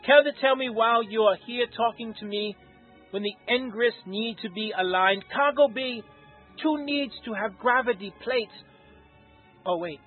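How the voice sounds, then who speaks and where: A man with a husky voice reading the lines of a stern, short-tempered female starship captain in a story, recorded thin and tinny. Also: high voice.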